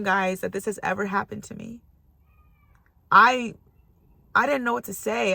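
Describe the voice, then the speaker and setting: A young woman telling a personal story to her viewers in a casual, animated way, laughing often and acting out her own reactions. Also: mid-range voice, moderate pace, gravelly, no room sound. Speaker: storytime vlogger.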